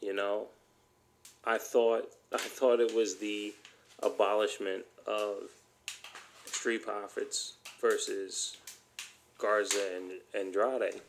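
A man's voice: lowish voice, level tone, takes it slowly, pauses often, a little hiss or hum. A man hosting a solo podcast, ranting bluntly and heatedly, swearing often. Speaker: podcast host.

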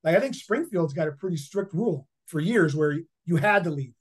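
A man's voice: a little high, animated, a little fast, husky. A man in his fifties, a head football coach, telling stories in a casual interview, rambling with many fillers and repeated words. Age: 50s.

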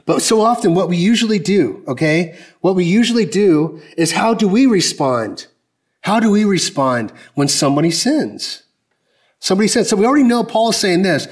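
A man's voice: high-pitched, very animated, normal speed. A man preaching a sermon in a conversational, emphatic way, often asking the congregation direct questions. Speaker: pastor.

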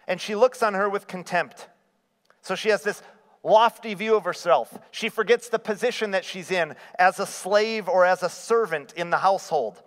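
A man's voice: high voice, moderate pace, fairly bright tone. A man preaching a sermon, asking his congregation rhetorical questions. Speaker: pastor. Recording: long reverb of a hall.

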